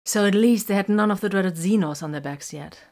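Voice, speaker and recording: A woman reading a story aloud as its narrator, in a measured, even storytelling manner. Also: mid-range voice. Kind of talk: scripted narration.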